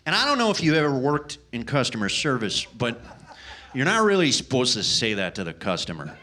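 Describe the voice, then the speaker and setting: A man's voice: medium pitch, sing-song, a little fast, background noise. A man doing a stand-up comedy set on a club stage, ranting with exasperated, profane energy into a handheld microphone.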